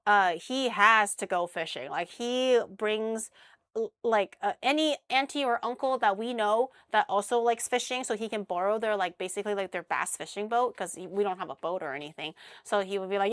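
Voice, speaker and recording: A woman streamer chatting casually with her viewers, telling an animated story full of acted-out quotes. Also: mid-range voice, fairly quick, no echo, clean studio sound. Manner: animated storytelling, acts out quotes, frequent laughs.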